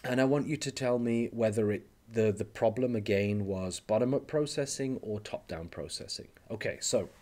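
A male teacher giving an online lecture, explaining step by step in a relaxed way and often pausing with "okay" and "um". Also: lowish voice.

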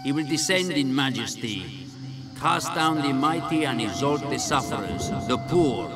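A man's voice: medium pitch, expressive, measured pace, recorded from a distance, loud music behind the voice, pitched above the performer's own voice. A man voicing a fiery male doomsday preacher who speaks in a prophetic way.

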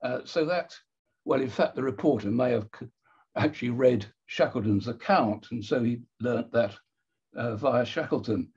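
A man giving an illustrated history talk with slides, measured and wry, pausing and correcting himself as he goes. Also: medium pitch, darkish tone, breathy edge, lo-fi sound.

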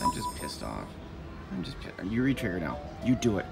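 A man vlogging his slot machine play, trading profane, excitable outbursts with jokey asides. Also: lowish voice, measured pace, creaky. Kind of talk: live commentary while playing slots. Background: loud slot machine music and chimes.

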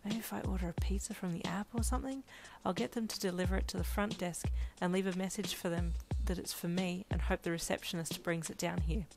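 A woman voicing a shy young woman in an audio fanfiction, speaking softly yet sternly. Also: fairly low pitch, steady tone, a little fast, creaky, hardly any pauses. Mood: inner thoughts. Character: shy young woman, quiet and hurt, turning defiant. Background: faint lo-fi music.

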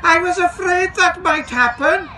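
A man reading a storybook aloud, voicing an anxious, fretful male dragon in a squeaky, panicky voice. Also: measured pace, pushed and bright, some chatter behind, slight background noise, exaggerated voice. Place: outdoor railway event. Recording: distant mic outdoors.

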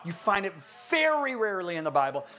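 A middle-aged man preaching a conference sermon, emphatic and animated, acting out quotes in different voices. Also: quick pace. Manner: animated, emphatic, acts out quotes with big pitch swings.

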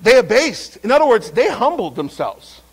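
A man preaching a sermon as pastor, lively and repetitive, with frequent restarts. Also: very high voice, moderate pace, breathy edge, rough recording.

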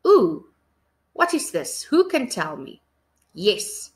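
Slow, lively-voiced woman teaching phonics. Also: a little high. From South Africa. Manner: slow, sing-song, encouraging teacher talk to children. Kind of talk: recorded online lesson for young children.

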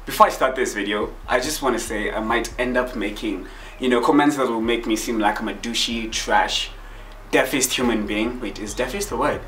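A man's voice: mid-range voice, moderate pace, fairly bright tone, a little hiss or hum. Joking man in a roomy room. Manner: joking, self-deprecating, swears often. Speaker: reaction video host. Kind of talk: casual reaction commentary. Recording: roomy, distant mic with music.

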